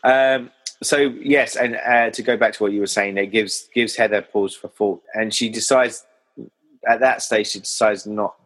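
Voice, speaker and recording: Male co-host, lowish voice, relaxed plot-recap chatter. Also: normal speed, poor audio. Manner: chatty, laughs often, retells plot. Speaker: film podcast co-host. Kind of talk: casual film discussion.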